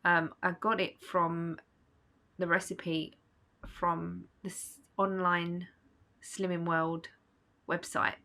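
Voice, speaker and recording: A woman's voice: on the low side, little pitch movement, takes it slowly, pauses often, bright, forceful tone. A woman vlogging at home in a casual, rambling chat, sleepy and yawning. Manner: chatty, rambling, with fillers and small laughs.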